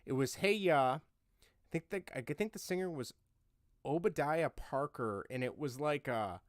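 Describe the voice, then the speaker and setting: A man co-hosting a casual podcast. His voice is somewhat high and moves around a lot as he asks questions and agrees. The sound is dry and close. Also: expressive, normal speed, no echo. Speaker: podcast co-host. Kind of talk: casual chat.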